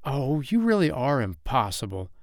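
A man's voice: medium pitch, very animated, a little slow, darkish tone, dry recording, studio quality, voice pushed up. A man voicing a jumpy, squeamish young woman who keeps protesting in exasperation. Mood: exasperated.

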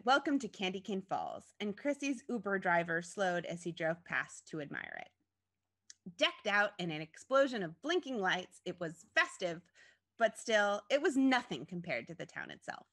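A woman narrating an interactive story in a playful, expressive way. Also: medium pitch, normal speed.

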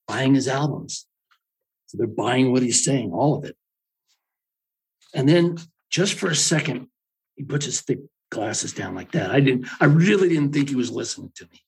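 A man telling a comic anecdote in a wry, teasing, lively way. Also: mid-range voice, slightly rough, rough recording. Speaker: storyteller.

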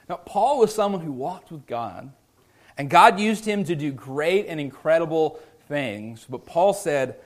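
A male pastor preaching in a fairly high voice. He talks earnestly and conversationally, stumbling into restarts, then rises loud for emphasis and drops low and soft on key points. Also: lively intonation, normal speed. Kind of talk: sermon.

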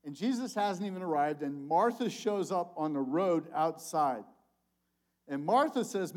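An older man delivers a sermon in a loose, conversational style. He swings from loud, emphatic calls to soft, low asides, and his voice sits a little high for a man. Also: normal speed. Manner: animated, conversational preaching with big swings in volume. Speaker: conference speaker.

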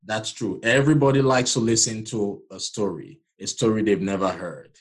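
A man's voice: on the low side, steady tone, moderate pace. A man from Nigeria with a Nigerian accent, hosting a podcast and giving emphatic, preacher-like encouragement. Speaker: podcast host. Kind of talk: motivational podcast talk.

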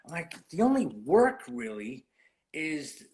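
A man's voice: a little high, a little slow. Chatty fifties man telling stories. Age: 50s. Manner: rambling, animated anecdotes full of "you know". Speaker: guest, cigar industry veteran. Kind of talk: casual storytelling interview.

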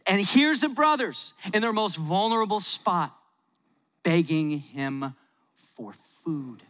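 Animated man preaching in a big hall. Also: sits high, slow. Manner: animated storytelling, acting out quotes. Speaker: pastor. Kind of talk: sermon. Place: large hall. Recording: long reverb of a large hall.

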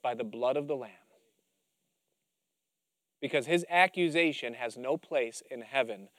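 A man's voice: medium pitch, unhurried, long pauses, no room sound, studio quality. A male pastor preaching a sermon, telling Bible stories with animation and acting out the scenes. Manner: animated storytelling, acts out scenes.

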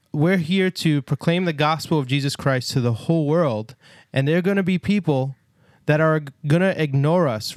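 A man with a fairly high voice, talking earnestly about scripture on a casual podcast. He is emphatic and often seeks agreement, and the sound is dry and close. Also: no room sound. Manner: earnest, emphatic, tag questions like "right?". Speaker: podcast co-host. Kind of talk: casual Bible discussion.

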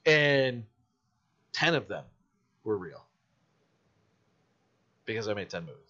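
A man who makes independent films, telling stories in casual podcast chat, animated and full of swearing. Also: lowish voice, slow, lo-fi sound. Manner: profane, animated storytelling. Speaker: independent filmmaker.

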